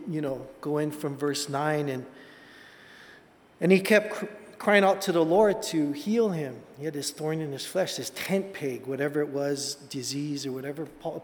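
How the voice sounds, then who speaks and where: A man delivers a sermon, his voice sitting high for a man. He tells stories in an animated, conversational way, dropping slang like "bro". A long reverb trails each phrase, as from a large hall. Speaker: preacher.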